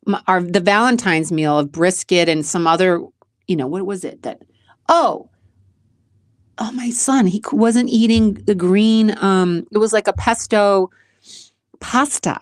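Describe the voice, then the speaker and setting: Woman, 40s, podcast host; casual, emotional, rambling; mid pitch; dry close sound. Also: measured pace, no room sound. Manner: chatty, emotional, rambling with restarts. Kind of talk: casual chat answering question cards.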